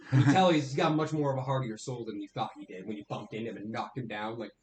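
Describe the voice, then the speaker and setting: A man's voice: medium pitch, steady tone, fast, a little mellow. A young man running a tabletop game, narrating casually and rambling with lots of fillers. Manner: rambling, full of likes and ums. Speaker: dungeon master. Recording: roomy echo.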